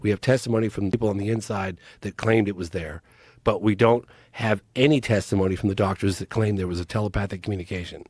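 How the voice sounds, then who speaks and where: A man's voice: fairly low pitch, steady tone, fast, a little mellow, husky, no room sound, clean studio sound. A man, a documentary filmmaker, talking as a podcast guest in an earnest, urgent way and pressing his case. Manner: earnest, urgent, pleading appeals. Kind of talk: casual interview talk.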